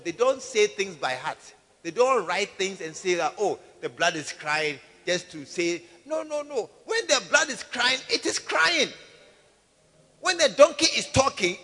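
Here a man gives an emphatic sermon full of questions aimed at the congregation. He pitches his voice very high, bright and piercing, and the church hall adds a long trailing reverb.

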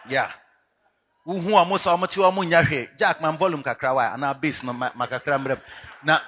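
A Ghanaian man preaching a sermon to a church conference, dropping to low asides and rising to loud shouts, mixing English with Twi phrases. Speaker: pastor. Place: church conference hall with a congregation.

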